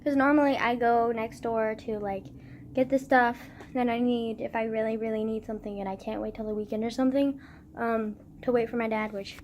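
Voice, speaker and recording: Teen girl, high voice, phlegmy and sick, swearing, dramatic rant. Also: fairly even intonation, fairly quick, a little mellow, a little hiss or hum. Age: teens. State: congested with phlegm. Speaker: vlogger. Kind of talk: casual rant.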